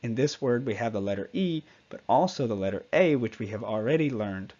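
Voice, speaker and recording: A man teaching a Spanish pronunciation lesson, patiently repeating each example word slowly and clearly. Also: mid-range voice, expressive, a little mellow, highs cut off.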